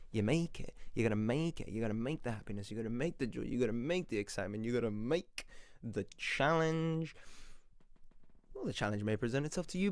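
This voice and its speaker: Animated man giving a pep talk. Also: on the high side, no echo. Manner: animated, playful, acts out little voices; talks to himself in questions and answers. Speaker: podcast host. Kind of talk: motivational monologue.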